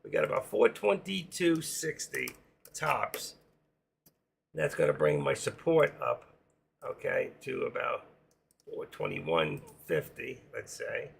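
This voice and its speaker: A hoarse man hosting a live trading stream, rambling casually to himself and his viewers as he works through charts. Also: medium pitch, huge pitch swings, takes it slowly. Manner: rambling, talks to himself while working charts. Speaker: livestream trading host.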